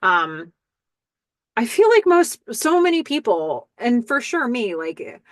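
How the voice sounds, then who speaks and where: A woman's voice: a little high, very animated, takes it slowly, no room sound. A woman hosting a podcast, chatting casually through a show recap and thinking aloud with ums and asides. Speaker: podcast host.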